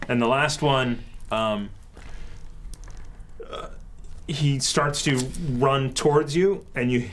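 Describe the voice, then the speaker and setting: A man narrating as dungeon master of a tabletop game, relaxed and halting, with many fillers. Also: mid-range voice, a little hiss or hum.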